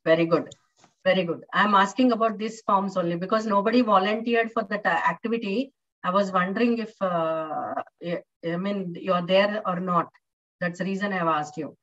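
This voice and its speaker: A woman lecturer with an Indian English accent leads a live online class, explaining step by step and pausing to ask her students questions. Her voice sits at an ordinary middle pitch. The sound is muffled and seems to come from a distance from the mic. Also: a bit bright. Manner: patient, explains slowly with many fillers and questions to students.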